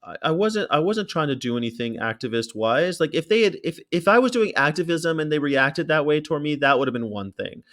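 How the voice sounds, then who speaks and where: An American man hosts a casual chat, telling a story with plenty of swearing and acting out what people said. His voice sits a bit high and jumps lively up and down in pitch. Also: a little fast, hardly any pauses. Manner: animated, acts out quotes, swears freely. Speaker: podcast host.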